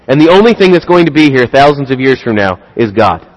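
A man preaching a sermon, animated, acting out the dialogue in sudden louder bursts. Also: medium pitch, brisk. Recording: long hall reverb.

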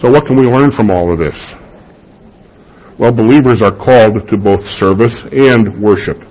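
A man's voice: lowish voice, moderate pace, dull audio. A man preaching a sermon to his congregation in a church, building to emphatic peaks and asking the listeners questions. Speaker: pastor. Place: church sanctuary.

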